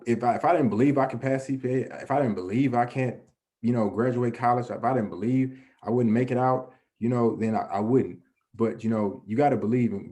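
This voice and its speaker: Speaking to a young audience, a guest presenter gives a motivational presentation in a mellow, mid-range voice. He is earnest and conversational, frequently restarting and filling gaps with "you know", and he poses questions that he then answers.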